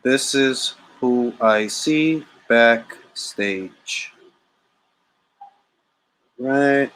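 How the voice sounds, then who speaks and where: A man's voice: mid-range voice, very slow, fairly bright tone, poor audio. A man hosting a boxing talk livestream, joking around in casual slang and repeating catchphrases. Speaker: boxing talk show host.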